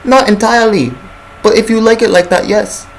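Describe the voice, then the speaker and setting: A young man voicing an eccentric male scientist who gravely warns of a plague. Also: sits high, steady tone, moderate pace, a little hiss or hum, pitched above the performer's own voice, low-quality recording. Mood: ominous.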